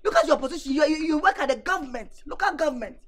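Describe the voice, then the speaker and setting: Casting: Nigerian woman acting as a cheeky only son, high animated voice, stammers through complaints. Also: rapid-fire, a little hiss or hum. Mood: complaining. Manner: stammering, repeats words, complaining. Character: brash young man, father's only son, self-styled rebel. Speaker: actress. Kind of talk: film acting.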